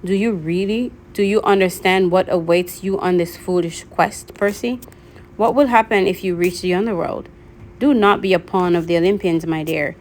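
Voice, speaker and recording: A woman's voice: lowish voice, normal speed, darkish tone, a little hiss or hum, close to an everyday voice. A woman reading aloud, voicing a sly female monster disguised as an old woman who speaks in a soothing, coaxing purr.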